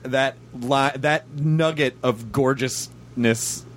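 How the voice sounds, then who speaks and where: A man hosting a casual interview, excitable and animated, who swears freely as he tells stories. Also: medium pitch, slow pace. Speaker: interview host.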